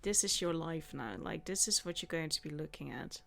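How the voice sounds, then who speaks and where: A woman giving casual, chatty let's play commentary with blunt, quiet asides. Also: low-pitched, animated, moderate pace, gravelly.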